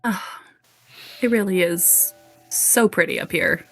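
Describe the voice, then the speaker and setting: A woman playing a character in a tabletop role-playing game, soft-spoken and a bit hesitant. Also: lowish voice, slow, faint music behind. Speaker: player.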